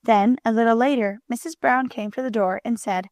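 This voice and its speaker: A woman narrating a children's storybook in a clear, even manner. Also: on the high side, normal speed, hardly any pauses, no room sound, clean studio sound. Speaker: audiobook narrator.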